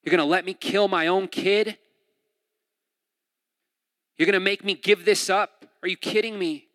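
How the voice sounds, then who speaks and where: A man's voice: high voice, steady tone, a little slow, fairly bright tone, no echo, clean studio sound, big-room sound, voice pushed up. A man voicing an anguished old father pleading with God in disbelief, in a sermon.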